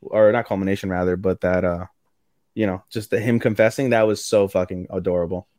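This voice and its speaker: A man's voice: deep voice, fairly even intonation, brisk, darkish tone, dry recording, studio quality. A man co-hosting an anime podcast in casual chat, animatedly retelling episodes, swearing freely and slipping into character voices. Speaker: podcast co-host.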